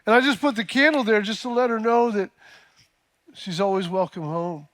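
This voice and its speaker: A man voicing a gentle older mother in a story told within his sermon. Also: high voice, moderate pace. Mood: tender. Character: gentle older mother who waits for her daughter.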